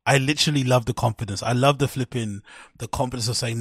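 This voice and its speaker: Man, podcast host, casual rambling, profane, laughs often, husky voice, dry close recording. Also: medium pitch, fairly even intonation, fast, a bit bright, no room sound. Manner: loose and profane, with frequent fillers and amused laughter.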